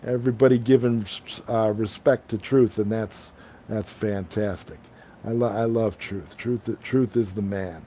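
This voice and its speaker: A man's voice: lowish voice, fairly even intonation, a little slow, warm tone, slight background noise. A man hosting a casual late-night livestream chat, reading viewer comments aloud and rambling enthusiastically between them over an online call. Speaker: livestream host. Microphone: online streaming call.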